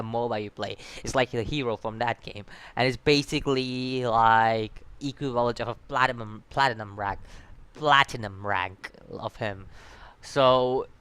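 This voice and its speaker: A man's voice: mid-range voice, fairly bright tone, clean tone, no echo. A man hosting a casual video review, rambling, laughing often and swearing as he restarts his sentences. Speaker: anime reviewer, channel host.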